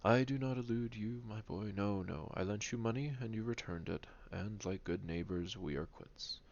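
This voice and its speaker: A man voicing a grinning, fawning neighbor tailor in a read-aloud novel, loud and chummy. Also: fairly low pitch, moderate pace, vocal fry, dull audio.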